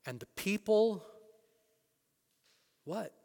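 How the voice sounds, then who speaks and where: Male pastor, sermon delivery, emphatic with loud peaks and low drops, slightly high voice, big hall reverb. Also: lively intonation, extremely slow, vocal fry. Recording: long reverb of a large hall.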